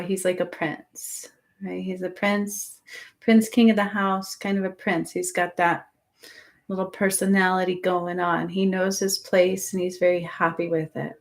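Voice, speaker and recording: A woman doing an animal healing session on a live stream, talking in a soft, meandering way full of fillers and restarts, often describing symptoms as if she feels them herself. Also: lowish voice, flat delivery, unhurried. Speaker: animal energy healer.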